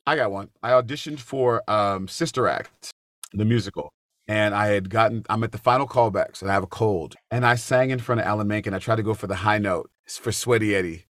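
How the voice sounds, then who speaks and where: A middle-aged man, a stage actor, telling lively stories in a casual chat, with big jumps in pitch when he quotes people. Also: quick pace, no room sound, clean studio sound. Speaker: guest, Broadway actor.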